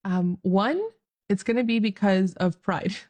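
A woman's voice: medium pitch, unhurried, a little mellow, dull audio. A young woman giving an earnest, joyful faith talk straight to her viewers, laughing often as she speaks. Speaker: Catholic speaker.

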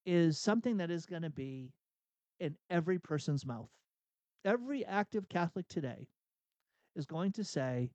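A man's voice: a little high, animated, moderate pace, darkish tone, dry recording, lo-fi sound. A man hosting a Catholic radio talk, speaking earnestly and acting out inner dialogue as he preaches. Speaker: radio host and executive coach.

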